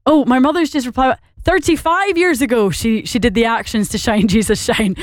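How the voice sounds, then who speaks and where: A woman's voice: a little high, normal speed, no room sound, clean studio sound. A woman with a Scottish accent presenting live radio, chatting casually and laughing often as she reads listener comments.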